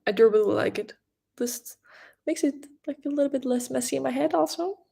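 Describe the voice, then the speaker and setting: A young woman from the Netherlands with a Dutch accent, chatting casually on a knitting livestream and answering viewers' comments with quick restarts and soft laughs. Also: high-pitched, creaky, breathy edge. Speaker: livestream host, knitting creator.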